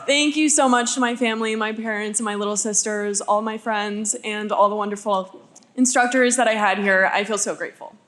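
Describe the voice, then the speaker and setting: A young woman graduate giving a gentle, grateful thank-you. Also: mid-range voice, fairly even intonation, a little fast, slight background noise. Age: young adult. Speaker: graduating student.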